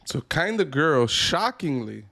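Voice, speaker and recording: A man's voice: a little high, sing-song, a little slow, vocal fry, bright, forceful tone, no room sound, clean studio sound. A man co-hosting a casual music podcast with a wry, playful manner. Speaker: podcast co-host. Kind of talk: casual chat.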